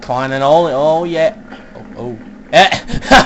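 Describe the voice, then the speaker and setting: A young man giving casual, joking commentary while playing an online horror game, swearing and laughing often and shouting when startled. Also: on the high side, slow pace, rough recording. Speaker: gaming YouTuber. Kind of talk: casual let's-play commentary.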